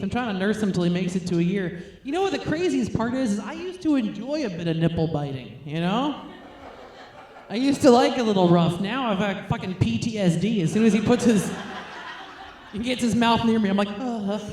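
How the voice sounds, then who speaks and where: A woman's voice: medium pitch, warm tone. A woman doing a stand-up set while nursing her baby, blunt, crude and self-mocking, laughing between lines. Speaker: stand-up comic. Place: comedy stage, roomy venue. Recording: roomy live venue recording.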